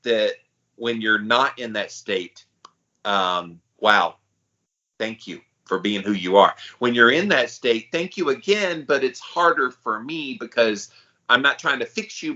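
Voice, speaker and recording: A man's voice: medium pitch, bright, forceful tone, dull audio. A man co-hosting a podcast, speaking frankly and supportively to his co-host and listeners. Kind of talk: supportive conversation.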